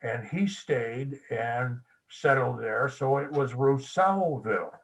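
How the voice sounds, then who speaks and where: A man's voice: mid-range voice, slow pace, rough recording. An older man giving an anecdotal local history talk at a club meeting, a folksy storyteller who spells words out letter by letter. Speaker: guest speaker.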